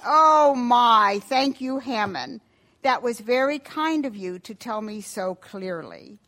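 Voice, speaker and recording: A woman voicing a gentle, hard-of-hearing old grandmother in a children's story, speaking softly and slowly. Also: on the high side, animated, exaggerated voice. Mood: grateful.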